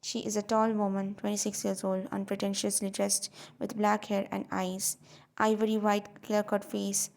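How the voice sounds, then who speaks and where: A woman's voice: mid-range voice, little pitch movement, normal speed, gravelly, darkish tone. A woman reading a stage play aloud for learners, including its stage directions, with small slips. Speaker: audiobook reader.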